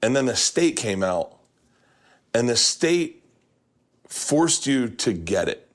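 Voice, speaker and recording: A man hosting a casual chat, telling animated, profane stories and acting out quotes. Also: mid-range voice, takes it slowly. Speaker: podcast host. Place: kitchen.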